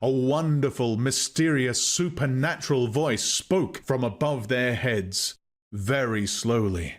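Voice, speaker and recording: A man reading a novel aloud in measured, expressive scripted narration. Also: medium pitch. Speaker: audiobook narrator.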